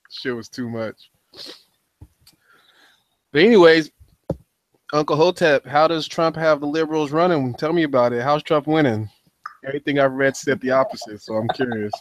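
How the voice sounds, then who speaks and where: A man's voice: fairly high pitch, moderate pace, pauses often, a little hiss or hum. A man hosting a podcast in casual comedic chat, telling stories with laughter and profanity. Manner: laid-back, laughing, profane storytelling. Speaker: podcast host.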